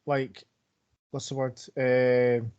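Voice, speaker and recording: A man's voice: medium pitch, level tone, drawn-out words, a little mellow, clear, resonant tone, muffled recording. A man in his thirties co-hosting a casual film podcast, easygoing and laughing along while thinking aloud. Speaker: podcast co-host.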